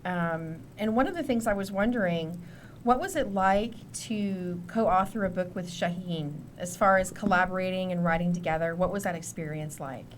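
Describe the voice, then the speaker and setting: A woman sitting in on a talk podcast puts a question to the guest, pausing hesitantly with "um." Her voice sits a bit low, with faint noise in the background. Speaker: guest interviewer.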